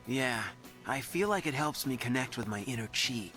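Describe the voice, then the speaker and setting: A man voicing a mellow teenage boy in a video game, talking in a slow, laid-back, dreamy drawl. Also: mid-range voice, lively intonation, soft background music.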